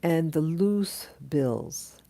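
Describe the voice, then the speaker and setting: A woman telling a dream in a casual, halting monologue, full of restarts and fillers as she greets viewers of her live stream. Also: deep voice, lively intonation, vocal fry, warm tone. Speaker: vlogger recounting a dream.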